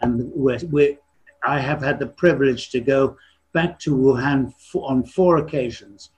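A man in his eighties giving a slide lecture on history, pausing often and clearing his throat between phrases. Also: mid-range voice, steady tone, darkish tone, rough recording. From born in China, raised partly in England. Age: 80s. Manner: frequently clears his throat, halting with restarts. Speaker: retired surgeon giving a history talk.

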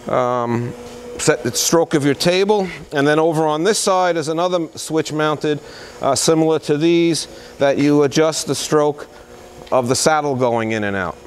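A man working as a used machinery dealer walks through a machine in an unscripted product demo. He talks in a plain, halting way, pausing with lots of fillers as he goes. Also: fairly high pitch, a little hiss or hum. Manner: plain-spoken, halting, pauses with many fillers. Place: indoor machinery shop floor.

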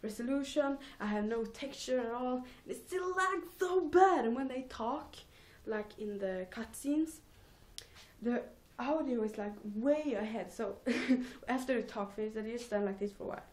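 A woman's voice: fairly high pitch, normal speed, dark tone. A teenage girl rambling casually in a home vlog, giggling and mocking herself between thoughts. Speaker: vlogger.

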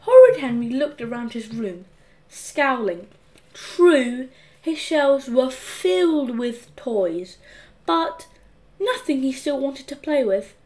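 Slow, expressive woman narrating a children's audiobook. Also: high-pitched. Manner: expressive, playful storytelling.

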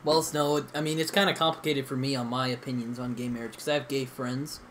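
A man's voice: mid-range voice, level tone, fast, fairly bright tone, a little hiss or hum. A young man hosting a gaming session, chatting casually with friends in a rambling, hesitant way full of fillers and restarts. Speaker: gaming channel host.

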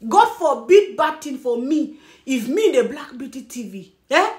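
A woman's voice: high voice, a little slow. A woman with a Nigerian Pidgin-influenced English accent, hosting a taunting, laughing commentary rant. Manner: taunting, laughing, loud and animated. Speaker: channel host. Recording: echoey room.

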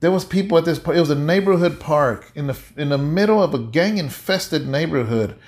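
Man, pastor, casual preaching, animated, repetitive phrasing, fairly high voice. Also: fairly quick. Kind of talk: casual sermon-like chat.

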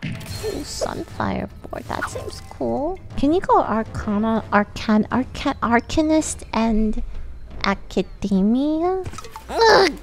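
A woman streamer chatting excitedly and thinking aloud while playing an online strategy game with friends. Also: a little high, takes it slowly, creaky, faint music behind. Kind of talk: casual gaming chat.

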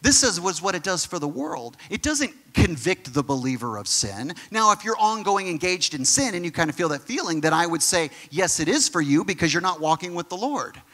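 A man's voice: high voice, lively intonation, a little fast, few pauses, a bit bright. A male pastor giving an earnest, conversational sermon and speaking straight to his congregation. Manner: earnest, repeats words, talks straight to the congregation.

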